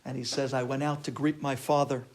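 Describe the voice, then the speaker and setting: A man, a rabbi, telling a story in an animated way, acting out the people in it with shouts and exclamations. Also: medium pitch, a little fast. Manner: acts out quoted voices, shouting and exclaiming.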